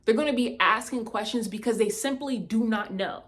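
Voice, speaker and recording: Animated woman telling a personal testimony. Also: a little high, normal speed. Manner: animated storytelling, talks straight to listeners. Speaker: testimony speaker.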